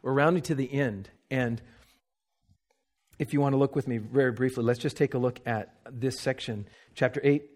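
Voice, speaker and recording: A man preaching a sermon, earnest, moving between slow, soft emphasis and quick asides. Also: medium pitch.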